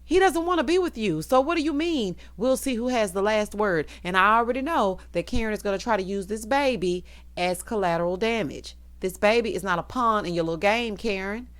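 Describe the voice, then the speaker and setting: A woman's voice: medium pitch, animated, fairly quick. Female recap host with a sassy, teasing chat and a widely ranging voice. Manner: sassy, teasing, calls listeners honey and child. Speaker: TV episode recap reviewer.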